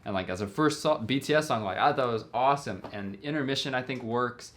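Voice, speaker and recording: A young filmmaker reacts to music videos in casual commentary, rambling enthusiastically with lots of fillers, his voice slightly worn from long talking. It's medium-pitched, quick and fairly bright, with a little hiss or hum.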